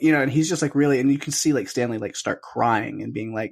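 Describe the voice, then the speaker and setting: A man co-hosting a podcast in casual chat, retelling scenes with lively quoted lines. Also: mid-range voice, brisk, vocal fry, slightly rough. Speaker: podcast co-host.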